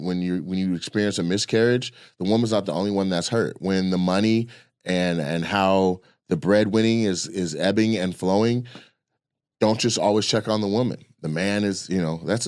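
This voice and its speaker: A man talking in a casual podcast chat, animated and loose, swearing freely. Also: low voice, dry recording, studio quality. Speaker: comedian and podcast guest.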